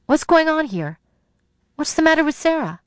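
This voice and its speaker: A woman's voice: mid-range voice, animated, normal speed, no room sound, clean studio sound, close to an everyday voice. A woman voicing a worried, protective mother who questions sharply. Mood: alarmed. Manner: anxious, demanding.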